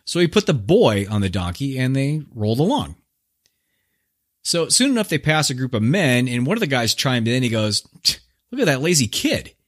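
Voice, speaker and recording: A man's voice: medium pitch, very animated, moderate pace. A man hosting his own podcast, retelling an old fable in a laid-back, slangy, joking way. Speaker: podcast host. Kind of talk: casual storytelling monologue.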